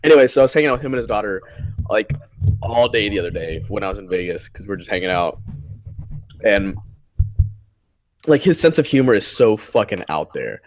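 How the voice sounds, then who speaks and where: A man hosting a casual group chat, telling stories in a profane, animated way. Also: fairly low pitch, a little fast, long pauses. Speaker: host.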